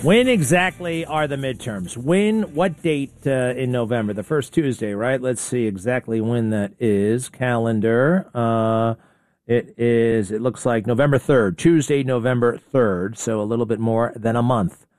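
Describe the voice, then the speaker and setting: A man's voice: medium pitch, a little slow, darkish tone, dry recording. A man hosting a talk radio show, ranting combatively and firing off rhetorical questions. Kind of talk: opinionated radio monologue.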